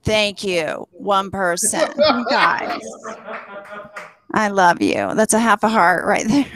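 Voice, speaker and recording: A female stand-up comic from Texas, slightly high-voiced, takes her time with each line. She mocks herself with deadpan asides and chuckles at her own jokes, recorded close and dry. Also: measured pace, no room sound. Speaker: stand-up comedian. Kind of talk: live stand-up set. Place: studio stage with live audience.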